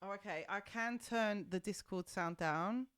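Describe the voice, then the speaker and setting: A woman's voice: mid-range voice, measured pace, a bit bright, clear, resonant tone, dry recording, clean studio sound. A woman hosting a live stream, chatting casually and laughing often. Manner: chatty, laughs often, fiddles with audio settings. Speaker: streamer host. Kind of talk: casual chat. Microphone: desk mic.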